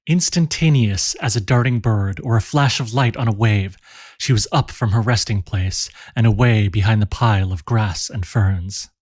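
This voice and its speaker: A man reading a short story aloud in a calm, steady way. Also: on the low side, moderate pace, dry recording, clean studio sound. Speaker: reader. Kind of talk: audiobook narration.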